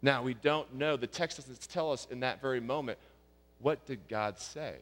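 A man preaches in a hall with a long, trailing reverb. His voice climbs and grows loud on rhetorical questions, then falls soft and low for the quiet passages. Mid-pitched, he shifts pace from quick asides to slow, stressed words. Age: young adult or middle-aged, a father of young kids. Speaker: pastor. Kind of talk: sermon.

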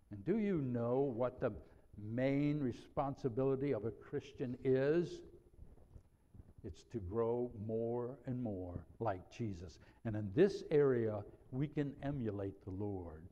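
Man, pastor, preaching, warm dark voice, long hall echo, dull sound. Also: mid-range voice, expressive. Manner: measured, slows down on scripture quotes. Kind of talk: sermon. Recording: dull audio in a reverberant hall.

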